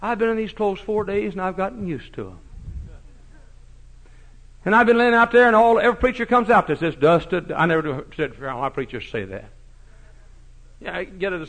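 A man preaching a sermon, folksy and mocking, swinging from shouts to hushed asides. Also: a little high, sing-song, a little fast. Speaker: pastor.

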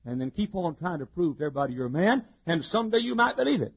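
A male pastor preaches in a folksy, joking way, often chuckling and swinging from loud to soft. His voice sits high and moves in wide, lively leaps, with a husky edge. The recording is dull and lo-fi. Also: racing. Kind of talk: sermon.

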